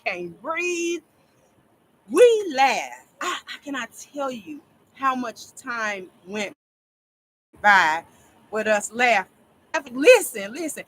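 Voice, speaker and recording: A woman casually telling a long story to her viewers, rambling and animated, often laughing as she talks. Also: a little high, takes it slowly, long pauses, poor audio. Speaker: storyteller vlogger.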